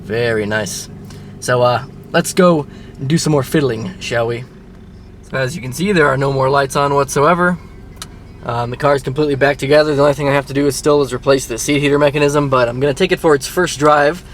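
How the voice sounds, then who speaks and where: This is a casual, self-filmed car vlog: a man with a brisk, mid-range voice talks about his car repair in a chatty, wry way with mild grumbling. He speaks into a handheld camera mic beside his car and then behind the wheel as he drives, with slight background noise.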